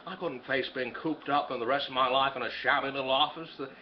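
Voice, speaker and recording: A man's voice: mid-range voice, steady tone, fast talker, lo-fi sound, a little hiss or hum, natural voice. Man doing a stammering earnest young dreamer.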